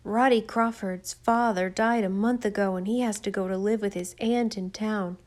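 A woman's voice: medium pitch, fairly even intonation, normal speed, a little mellow, close to an everyday voice. A woman reading an offhand, practical boy. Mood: matter-of-fact.

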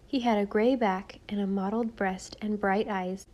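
A woman narrates a children's classic as an audiobook. Her telling is measured and expressive, with a calm, even way of reading. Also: mid-range voice. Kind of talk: scripted narration.

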